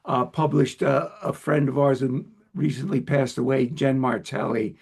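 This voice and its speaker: A man from Long Island hosting an interview in a chatty, self-deprecating way, quick to laugh. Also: medium pitch, steady tone, vocal fry, a little mellow, slightly rough. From Long Island, United States. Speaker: host. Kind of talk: conversational interview.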